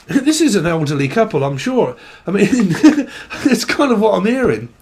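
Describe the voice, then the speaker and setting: A man's voice: high-pitched, animated, moderate pace, darkish tone. A man doing a casual tarot reading vlog, joking around and swearing freely. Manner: crude, jokey, swears freely. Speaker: tarot reader.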